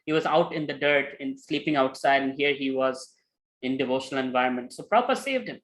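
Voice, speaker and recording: A man giving a spiritual talk, telling a story with lively retellings and many fillers. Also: medium pitch, fast talker, rough recording. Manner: animated, with many fillers and acted quotes. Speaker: spiritual teacher.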